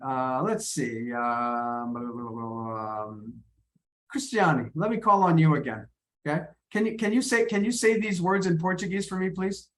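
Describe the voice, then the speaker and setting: A man's voice: on the high side, measured pace, fairly bright tone. A man teaching an online pronunciation lesson over a video call, friendly and often repeating and restarting his words.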